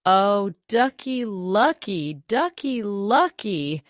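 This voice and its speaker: A woman voicing a fussy grown farmyard hen in a storybook, excited and pleading. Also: mid-range voice, extremely slow, no echo, studio quality.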